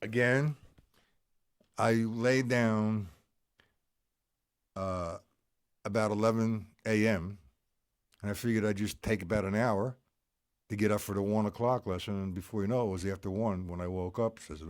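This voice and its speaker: A middle-aged man teaching drums on a live stream, apologetic and rambling, stopping often to restart his sentences. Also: lowish voice. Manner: counts and explains stickings slowly. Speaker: drum teacher. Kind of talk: live-streamed drum lesson.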